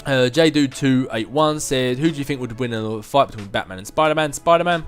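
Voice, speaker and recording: A man's voice: mid-range voice, brisk, faint music behind. A man in his twenties answering viewer questions in a casual chat, rambling, self-mocking and chuckling often. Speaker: gaming video host answering viewer questions.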